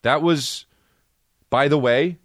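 A man's voice: a little high, slow, music in the background. A man co-hosting a podcast, chatting casually and profanely while breaking down a movie trailer with silly impressions. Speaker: podcast co-host. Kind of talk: casual comedic chat.

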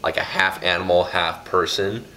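A man's voice: low-pitched, flat delivery, normal speed, bright, forceful tone, low-quality recording. A man from southeastern Utah chatting casually on a podcast, laid-back and joking with playful asides. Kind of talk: casual chat.

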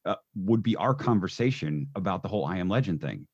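A man with a very deep voice, a guest in a casual podcast chat. He is easygoing and laughs along, restarting his sentences as he goes. The sound is slightly dull and lo-fi. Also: lively intonation, fast talker, a little mellow, breathy edge.

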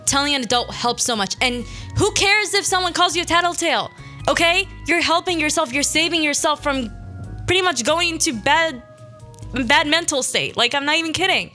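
Chatty teenage girl, high and bright. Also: lively intonation, moderate pace, faint music behind. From Syria. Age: teens. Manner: chatty, rambling with lots of "like" and "um". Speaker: host of a small radio show. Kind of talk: casual chat.

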